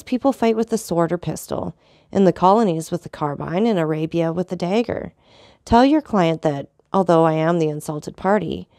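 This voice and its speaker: Icy, unshakable count in a storybook reading, calm and ironic, crisp dry sound; a woman reads him. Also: lowish voice, no echo. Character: cold, proud, unshakable male count.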